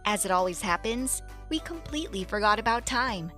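A woman narrating a first-person story in a lively, animated way. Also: mid-range voice, brisk, faint music behind.

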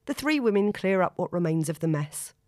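Brief: female narrator, steady expressive reading, low voice, dry booth. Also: brisk, dry recording. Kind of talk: audiobook narration.

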